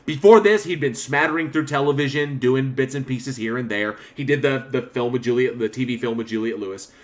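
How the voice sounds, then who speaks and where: A man's voice: mid-range voice, brisk. A man co-hosting a horror film podcast, talking in a loose, rambling way with frequent swearing and laughter. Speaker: podcast co-host. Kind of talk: casual film review chat.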